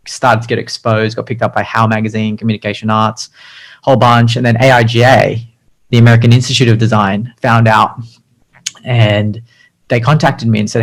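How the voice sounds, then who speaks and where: A man's voice: mid-range voice, rough recording. A man, a designer, telling his career story as an interview guest in a chatty, self-deprecating way, with lots of ums and restarts. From Australia.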